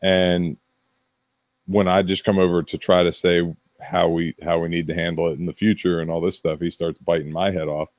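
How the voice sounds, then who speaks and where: A man in his thirties with a low voice tells a blunt, profane story in casual podcast chat. He is recorded dry and close on the mic. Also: little pitch movement, normal speed, a little mellow, no room sound. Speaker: podcast co-host, bar manager.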